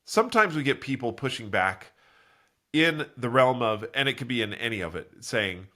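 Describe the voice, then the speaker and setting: A man's voice: lively intonation, normal speed, pushed and bright. A man hosting a solo podcast, talking earnestly and in a rambling way while congested from a cold, correcting himself and acting out quoted voices. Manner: acts out quoted voices with big pitch jumps. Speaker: podcast host. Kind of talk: solo motivational talk.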